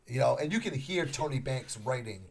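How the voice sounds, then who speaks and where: A man's voice: mid-range voice, lively intonation, brisk, vocal fry. A man co-hosting a podcast in casual chat, talking things through with easy fillers. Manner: conversational, thinks aloud with fillers. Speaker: podcast co-host.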